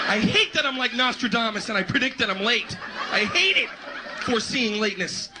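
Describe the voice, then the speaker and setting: A man doing a stand-up routine, animated and jumping into squealing voices. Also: sits high, fairly quick, a crowd in the background. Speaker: stand-up comedian. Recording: noisy live stand-up recording.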